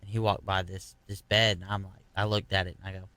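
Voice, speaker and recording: A man from Florida who works as a fishing guide sits in as a podcast guest. His voice is lowish but bright and forceful, recorded close and dry. He talks in a laid-back, casual way. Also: level tone, fast, no room sound. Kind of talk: casual chat.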